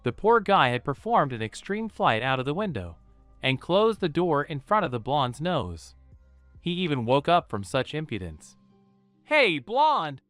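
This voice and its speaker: A man narrating a fan fiction story in an even storytelling read. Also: on the high side, normal speed, no room sound, soft background music.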